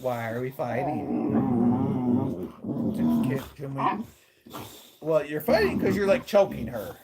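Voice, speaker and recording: A man's voice: medium pitch, big pitch swings, slow pace. A man co-hosting a casual livestream at home, coaxing and baby-talking to his pets. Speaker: livestream co-host. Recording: loud background noise.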